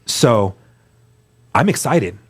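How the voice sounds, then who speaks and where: A man's voice: medium pitch, very animated, drawn-out words, husky. A middle-aged man earnestly telling his life story as a guest, stumbling over repeated words and acting out what others said. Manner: earnest, repeats words when emotional, acts out quoted voices. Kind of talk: conversational storytelling on a radio show.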